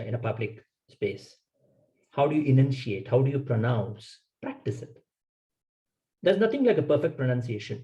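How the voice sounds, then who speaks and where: A man's voice: medium pitch, mellow, low-quality recording. A man giving a public speaking workshop lecture, emphatic and coaching, in short instructive sentences.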